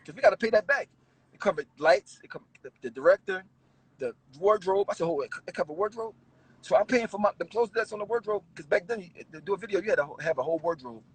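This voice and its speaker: This man's high, gravelly voice has a breathy edge and moves at a quick pace. He's a rapper spinning animated stories in a laid-back interview, cursing and laughing as he talks, captured on a low-quality recording.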